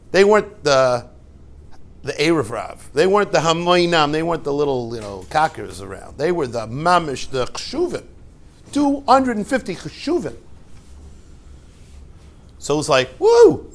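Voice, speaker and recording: A man's voice: on the high side, a bit bright. A man, a rabbi and yeshiva head, giving an informal Torah talk to a class, telling stories with rhetorical questions and joking asides.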